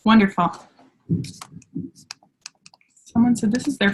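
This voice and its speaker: A woman's voice: mid-range voice, moderate pace, slight background noise, poor audio. A woman with an Upper Michigan accent hosting a live team training call over video from her home, chatty and upbeat and often laughing at herself. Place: at home by a window. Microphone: computer on a video call.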